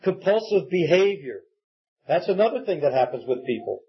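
A man preaches with earnest conviction, his voice pitched high and slightly husky. He breaks into acted-out pleas as he makes his points, and the recording sounds dull and lo-fi. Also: sing-song, normal speed. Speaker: pastor. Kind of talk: sermon.

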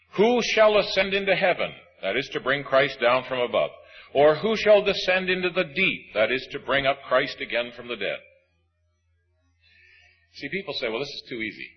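A man preaching with a husky edge, his pitch rising and falling in wide, lively sweeps. He presses hard on some phrases and drops to a hush on others. The recording is dull and lo-fi, with faint music underneath. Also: a little slow, pauses often. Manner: emphatic, swinging between loud and hushed. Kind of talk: sermon.

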